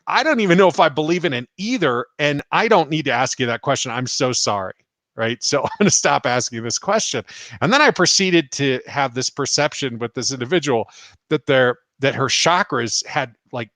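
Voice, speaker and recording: Laughing spiritual teacher on a live stream. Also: male voice, medium pitch, dry recording. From United States. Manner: laughs often, animated retelling.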